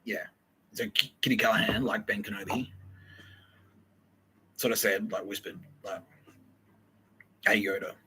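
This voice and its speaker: A man's voice: fairly low pitch, steady tone, moderate pace, long pauses, pushed and bright, slight background noise, poor audio. An Australian man hosting a podcast, telling a rambling comic story full of swearing and laughter. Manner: profane, laughing, digressive storytelling. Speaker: podcast host.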